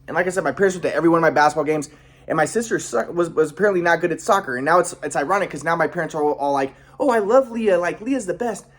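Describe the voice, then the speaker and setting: A man in a casual monologue, rambling and boastful, often restarting his sentences and clearing his throat. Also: fairly high pitch, very fast, a bit bright. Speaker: vlogger.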